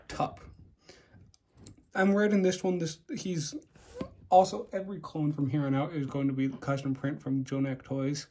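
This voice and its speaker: Casual mellow-voiced young man rambling. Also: on the high side. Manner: rambling, casual, with frequent fillers and restarts. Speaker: toy collector reviewing custom figures. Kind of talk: casual show-and-tell.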